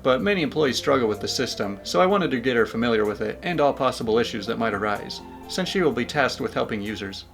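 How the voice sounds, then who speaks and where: Guy reading posts out loud, dry and casual, faint music under him. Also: mid-range voice, creaky. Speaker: YouTube story reader. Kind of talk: reading online posts with commentary.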